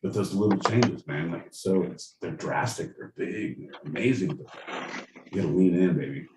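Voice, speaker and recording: Deep-voiced dude rambling and cussing on a podcast, sounds kinda far from the mic. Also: male voice, moderate pace, roomy sound, noisy background. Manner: rambling, swears freely, lots of fillers like "like" and "man". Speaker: podcast co-host. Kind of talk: casual chat.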